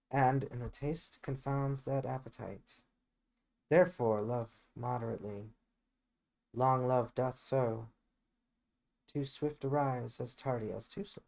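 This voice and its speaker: A solemn older friar counselling in a grave, measured way, often dropping to a softer voice, as a man reads him. The delivery is slow, as in an amateur reading of a Shakespeare play. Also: medium pitch, gravelly.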